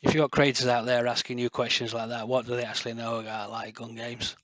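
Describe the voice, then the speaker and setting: A man's voice: medium pitch, flat delivery, fast, fairly bright tone, no room sound. A middle-aged man, a light gun builder talking to camera in a passionate, boastful, rambling way full of fillers. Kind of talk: casual rambling talk to camera.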